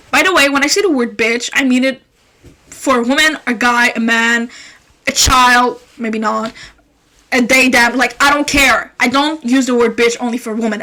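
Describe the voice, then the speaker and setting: A young woman hosting a podcast, yelling through a fast, profane rant about her day. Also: high voice. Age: young adult. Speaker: podcast host. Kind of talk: ranting casual podcast monologue.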